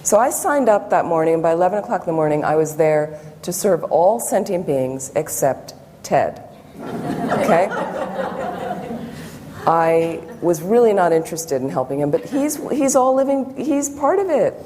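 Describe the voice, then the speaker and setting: A woman's voice: lowish voice, expressive, moderate pace, warm tone. A Buddhist nun giving a public talk, telling personal stories and acting out her own inner thoughts. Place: meditation center hall. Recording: long hall reverb, faint background noise.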